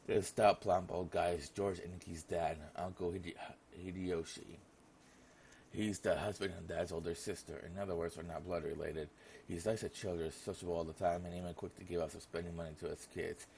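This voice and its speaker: Low gravelly young man reading a game. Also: flat delivery, moderate pace, a little mellow, slight background noise. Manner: casual, stumbling over names. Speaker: gamer reading a visual novel aloud. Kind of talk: reading game text aloud.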